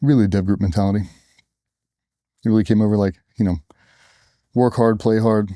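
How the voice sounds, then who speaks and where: A man's voice: lowish voice, fairly even intonation, a little fast, mellow, no room sound, studio quality. A middle-aged man, a former special operations operator, telling war stories bluntly in a casual interview, sometimes swearing and acting out what others said. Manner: blunt, profane, acts out quotes of others.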